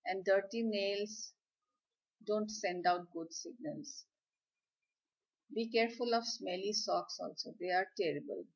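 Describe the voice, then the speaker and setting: Woman lecturer talking real slow and careful, kinda dull lo-fi audio. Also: mid-range voice, slightly rough. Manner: slow, deliberate, instructive. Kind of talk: slide lecture on communication skills.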